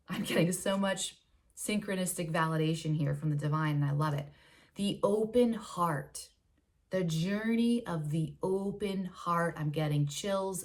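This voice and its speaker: Woman, low voice, spiritual vlog, oracle card reading, earnest, gushing, drawn-out words, soft whispers. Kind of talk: casual spiritual vlog talk.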